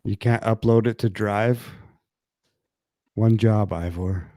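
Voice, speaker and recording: A man's voice: lowish voice, steady tone, slow, mellow, no echo, clean studio sound. A man co-hosting a podcast in casual chat, joking and laid-back in his banter. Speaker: podcast co-host.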